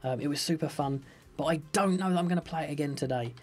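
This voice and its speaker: A man's voice: on the high side, fast, a little mellow. A young man streaming a building game live, chatting playfully with viewers and reading out their questions. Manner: playful, upbeat, chatty, jokey. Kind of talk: live gameplay commentary, reading chat.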